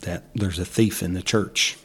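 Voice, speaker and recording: A husky man telling folksy church stories, laughing often. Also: deep voice, fairly even intonation, moderate pace, a bit bright. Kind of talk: casual storytelling.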